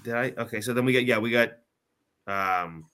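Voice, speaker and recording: A man's voice: medium pitch, moderate pace, pushed and bright. A man co-hosting a podcast in casual chat, joking, swearing freely and trailing off with fillers. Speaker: podcast co-host.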